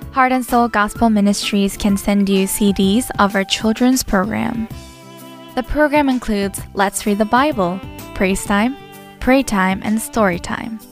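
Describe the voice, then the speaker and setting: A woman's voice: medium pitch, measured pace, soft background music. A woman reading a radio announcement for a ministry in a plain, careful way.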